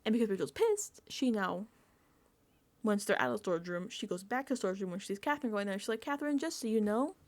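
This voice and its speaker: A woman giving a casual, emphatic reality-show recap and reaction, talking fast with lots of fillers. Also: mid-range voice. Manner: animated, emphatic, filler-heavy chatter. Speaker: recap vlogger.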